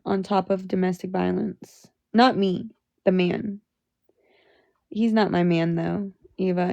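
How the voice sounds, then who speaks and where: Brief: young woman livestreamer, angry profane venting, gravelly fry, dry close phone sound. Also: medium pitch, warm tone, no room sound. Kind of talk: livestream rant to chat.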